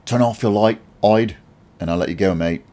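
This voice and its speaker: A man's voice: lowish voice, moderate pace, mellow, natural voice. A man voicing a roguish butler with an Australian accent. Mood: menacing. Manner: snappy, roguish. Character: tough male butler, brawler with a gangster accent. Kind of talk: audiobook character voice.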